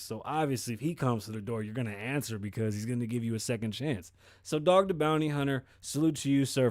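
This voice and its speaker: A man with a mid-range voice hosts his own talk show in casual, profane commentary. He rambles, restarts and gets animated as he goes. The sound is close and dry. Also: medium pitch, dry recording. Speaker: podcast host.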